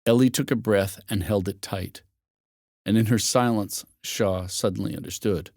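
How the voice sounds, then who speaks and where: A man narrating a novel in a steady, even storytelling manner. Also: fairly low pitch, normal speed, no room sound, studio quality. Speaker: audiobook narrator. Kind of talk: scripted narration.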